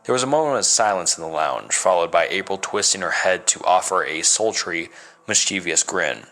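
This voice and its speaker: A man reading a first-person horror story as narrator, measured and dramatic. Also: deep voice, expressive, bright, forceful tone.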